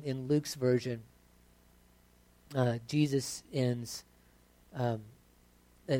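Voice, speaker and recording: A pastor preaching a conversational sermon that builds to emphatic points. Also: male voice, mid-range voice, warm tone, dry recording.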